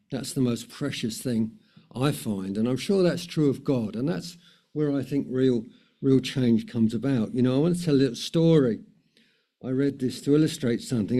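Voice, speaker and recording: Dark-voiced preacher. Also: male voice, medium pitch. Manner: warm, conversational, with many fillers and repetitions. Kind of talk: sermon.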